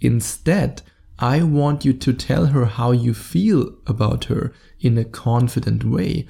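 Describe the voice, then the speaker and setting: German-accented male dating coach, solo podcast host, direct, mellow and gravelly in tone. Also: medium pitch, slow pace. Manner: direct, coaching, addresses the listener.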